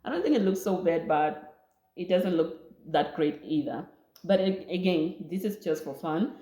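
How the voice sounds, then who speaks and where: A woman's voice: on the low side, moderate pace. A young woman, telling a story in a casual vlog and animatedly acting out what people said. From Namibia. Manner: animated, acts out quoted voices. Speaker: vlogger. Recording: roomy echo.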